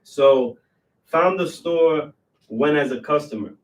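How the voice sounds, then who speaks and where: New man telling his story from a distance. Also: a little high. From New York. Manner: storytelling, lists things off in quick runs. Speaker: business owner guest. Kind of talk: casual interview chat.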